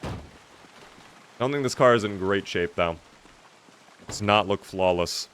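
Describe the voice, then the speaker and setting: While streaming a zombie survival game, a young man reads viewer questions aloud and answers them in relaxed commentary. He speaks a little slowly in a voice on the low side that's a bit bright.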